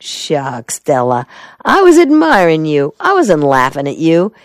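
A sardonic male private eye, as a woman narrator puts him on, drawls slowly in a husky, low voice. The reading is dry and close to the mic. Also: wildly swooping pitch, no room sound, exaggerated voice. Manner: slow drawl. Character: gruff slow-drawling male private detective.

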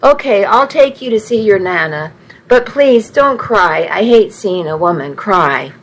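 A woman's voice: mid-range voice, expressive, a little slow, low-quality recording. A woman reading a kind, awkward young man. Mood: reassuring.

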